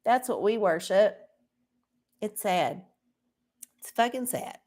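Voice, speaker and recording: A woman's voice: mid-range voice, takes it slowly, pauses often, a little mellow. A woman hosting a livestream, chatting casually to her viewers in a profane, ranting way. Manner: talks to viewers directly. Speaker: livestream host.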